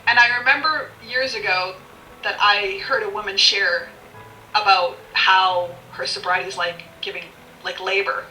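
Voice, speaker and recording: Her medium-pitched voice is sharp, fairly even in intonation, and measured in pace. A middle-aged woman on a podcast, she recounts her own experiences frankly and animatedly, swearing freely and often laughing, captured by a distant mic in an echoey room with faint music.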